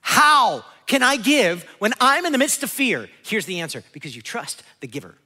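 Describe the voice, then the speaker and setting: This pastor, high-voiced, preaches animatedly to his congregation, slipping into quick asides where he acts out biblical figures. A long hall reverb colors the recording.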